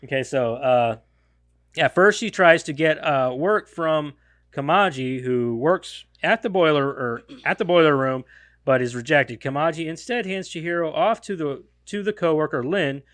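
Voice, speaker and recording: A man's voice: fairly high pitch, a little slow, fairly bright tone, no room sound. A man hosting a podcast, reading a film summary aloud in a casual way, stumbling and correcting himself. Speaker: podcast host.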